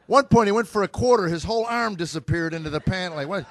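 Exasperated middle-aged comedian, high voice. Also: male voice, fast, no room sound. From America. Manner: deadpan storytelling with exasperated asides. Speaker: stand-up comedian. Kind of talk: stand-up comedy routine. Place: stage before a live audience.

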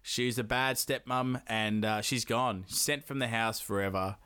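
A man's voice: medium pitch, fairly even intonation, unhurried, bright, forceful tone, clean tone. Crude, laughing man retelling a tale. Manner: laughs often, swears freely, acts out characters in quoted voices. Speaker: podcast co-host retelling a folktale. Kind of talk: casual chat, crude and joking.

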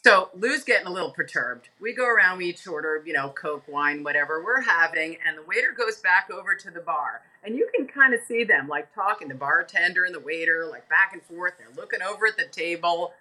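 Bright, lively older woman telling stories. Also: on the low side, brisk, hardly any pauses, poor audio. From United States. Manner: animated, acts out voices in her stories, laughs often. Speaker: podcast guest. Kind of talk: casual storytelling interview.

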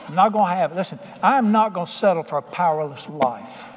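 A man's voice: high-pitched, animated, fast, hardly any pauses, long reverb tail. A middle-aged man preaching a sermon, telling stories in a folksy, emphatic way with plain colloquial speech. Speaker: pastor.

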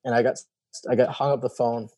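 Mellow-voiced man telling his story. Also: medium pitch, a little fast. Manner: animated storytelling, acts out quoted voices, casual swearing. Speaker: guest, former special operations soldier. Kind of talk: candid storytelling interview.

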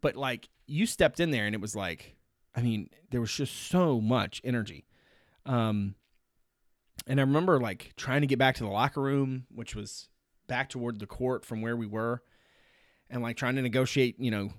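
A man hosting a sports podcast, chatting casually and thinking aloud with pauses. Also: medium pitch, no echo, studio quality. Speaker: podcast host and sports reporter. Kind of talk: casual chat.

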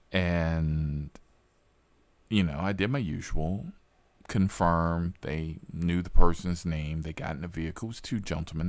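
A man who hosts a rideshare show, telling profane, animated stories in a casual interview. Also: deep voice, no echo. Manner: profane, animated storyteller with laughs. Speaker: rideshare driver and show host.

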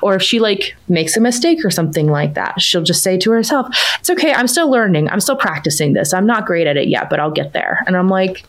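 A woman with a low-pitched voice talks casually about her family as a coaching client. She fills her sentences with "like" and "you know" and gets animated when she quotes her children. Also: fairly quick, few pauses. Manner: chatty, lots of fillers like "like" and "you know", animated when quoting her kids. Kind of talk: casual conversational storytelling.

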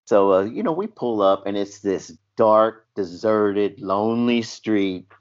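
A man's voice: lowish voice, a little slow. A man who used to be a paramedic, chatting casually and telling a story animatedly, acting out the voices in it. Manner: animated, acts out voices in his stories. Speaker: former paramedic telling stories. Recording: dull lo-fi audio.

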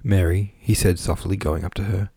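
A man with a deep, low voice narrates a classic novel in a measured, even manner. The recording is dry and close, with no room sound. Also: dry recording. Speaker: audiobook narrator.

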